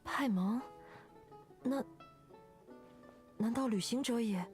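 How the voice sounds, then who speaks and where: A woman voicing a quiet, soft-spoken young performer in game dialogue, with a breathy voice and a hesitant manner. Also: on the high side, takes it slowly, soft background music.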